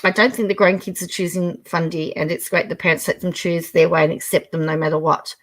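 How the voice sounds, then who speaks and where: A chatty middle-aged woman with an Australian accent, hosting a relaxed livestream. She reads viewer comments aloud and reacts to them in easygoing conversation, laughing often along the way. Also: fairly low pitch, fairly quick. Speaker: host reading viewer comments. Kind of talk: casual livestream chat.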